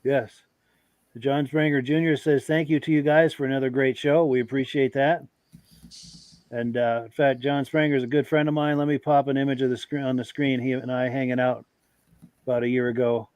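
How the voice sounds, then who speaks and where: A man's voice: mid-range voice, level tone, normal speed, darkish tone, clear, resonant tone, no room sound. An upbeat male host with a mid-range voice, recorded dry and close with no room sound. He chats casually and agreeably, reading out viewer comments between stories.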